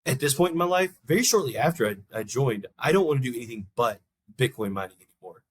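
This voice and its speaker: A man's voice: medium pitch, quick pace, husky. A young adult man, a podcast guest, telling a long personal story in a loose, rambling way and acting out the people in it with a raised voice. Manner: animated storyteller, acts out quoted people in a raised voice; loose, rambling talk with many restarts. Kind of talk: casual storytelling interview.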